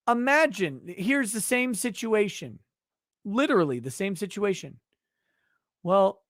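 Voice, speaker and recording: A man's voice: sits high, a bit bright, dry recording, studio quality. A man giving angry, sarcastic commentary while reacting to recorded footage, swearing often. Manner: heated, sarcastic, profane.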